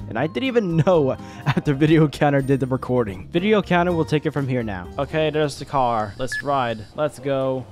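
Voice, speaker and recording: A man narrating his own gameplay in a let's-play video, reacting with excitable exclamations and laughs. His voice sits a little on the higher side. Music plays clearly underneath him. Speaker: gaming YouTuber.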